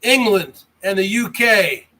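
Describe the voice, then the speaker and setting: A high-pitched man from the United States, hosting a rambling livestream at an unhurried pace. His voice is bright and edgy, and he teases and taunts his chatters one by one. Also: lively intonation. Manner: mocking, taunting, talks straight to chatters. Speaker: livestream host reading chat. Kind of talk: casual rambling livestream chat.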